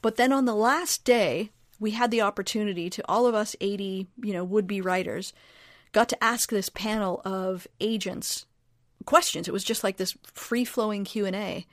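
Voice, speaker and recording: A woman guest and author talking in a casual conversation, energetic and emphatic. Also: mid-range voice, moderate pace, no echo, studio quality. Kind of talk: casual chat.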